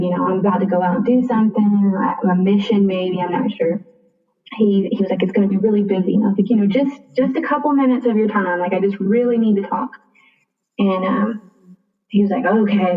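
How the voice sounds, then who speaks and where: A woman's voice: mid-range voice, roomy sound. Chatty young woman on a tinny line. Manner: chatty, frequent "like", acts out dialogue. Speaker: guest. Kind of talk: personal storytelling. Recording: tinny phone-line sound, distant.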